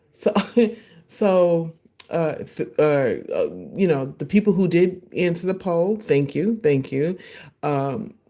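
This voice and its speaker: A woman hosts her own podcast as a casual solo livestream, chatting excitedly with live viewers. Her medium-pitched voice is animated, and she laughs a lot and mimics the voices of others while sounding excited and slightly nervous.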